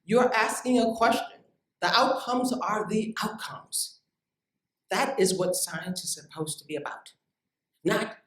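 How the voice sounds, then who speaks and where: In an unhurried, mid-range voice, a woman scientist lectures young researchers to motivate them, speaking directly and emphatically with lively asides. The sound is echoey, with the microphone placed far away.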